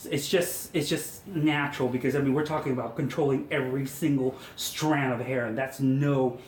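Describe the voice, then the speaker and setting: A man's voice: mid-range voice, fairly even intonation, moderate pace, a little hiss or hum. A man, a hairstylist, talking viewers through a hair styling tutorial step by step in a chatty, coaxing way with self-mocking asides. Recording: echoey room with faint ambience.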